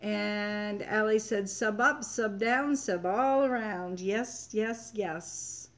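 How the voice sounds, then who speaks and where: A woman's voice: medium pitch, takes it slowly. An older woman from Maine hosting a casual live-stream chat, reading viewers' comments aloud in a chatty way. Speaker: homestead channel host.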